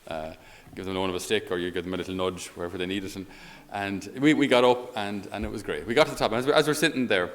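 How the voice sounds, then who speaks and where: An Irish man speaking as a priest in a conversational homily. He is a lively storyteller who often chuckles as he talks. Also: fairly low pitch, quick pace, hardly any pauses. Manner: animated storyteller, chuckles while talking.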